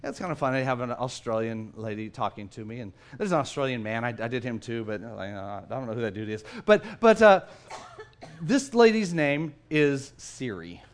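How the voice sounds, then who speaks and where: A male pastor giving a sermon, telling a story in a lively way and often repeating his first words. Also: medium pitch, moderate pace. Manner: storytelling, animated, repeats words when starting.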